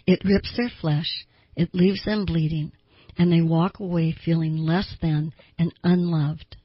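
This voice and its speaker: A woman's voice: sits low, fairly even intonation, unhurried, breathy edge, no room sound, lo-fi sound. A woman hosting a self-help talk show, giving advice to listeners in an emphatic way and repeating words for stress.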